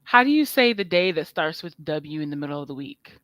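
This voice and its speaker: A woman's voice: low-pitched, lively intonation, a little fast, a bit bright, no echo. A woman from Michigan in a casual chat, teasing and giggling.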